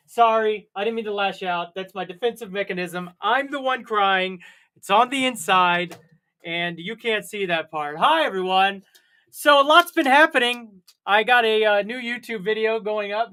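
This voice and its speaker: A man's voice: sits high, fairly bright tone. Rambling, self-mocking man on a livestream. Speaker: livestream host. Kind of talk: casual solo livestream chat.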